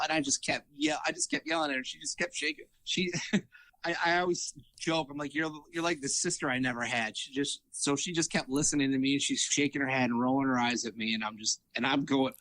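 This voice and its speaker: A man's voice: medium pitch, brisk, dry recording. A man talking in a casual interview, voice in the middle of the usual male range. He tells his stories with energy, acting out what others said and tripping over restarts. The sound is dry and close. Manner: animated, acts out quoted dialogue, frequent fillers and restarts. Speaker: triathlete guest.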